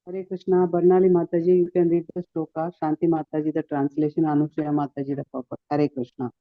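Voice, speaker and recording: Man, high voice, calling on readers in an online class, dry dull video-call sound. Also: flat delivery, fast, no room sound. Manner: brief, polite, with hesitant fillers. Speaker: class moderator.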